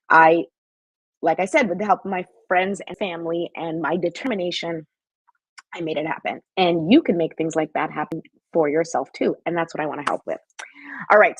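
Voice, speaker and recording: A woman's voice: lowish voice, breathy edge, dry recording, poor audio. A woman hosting a live-streamed motivational talk as a life coach, chatty and encouraging as she talks straight to her viewers.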